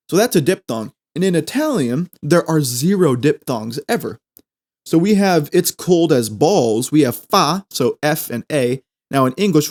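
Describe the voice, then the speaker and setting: A young man, hosting a podcast and chatting casually through a language lesson, repeating phrases slowly as he explains. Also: a little high, animated. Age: 20s. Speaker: podcast host.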